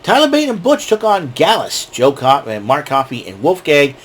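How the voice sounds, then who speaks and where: A man hosting a casual wrestling recap, rambling and excitable, often restarting his sentences. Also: a little high, moderate pace, slight background noise. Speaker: show host.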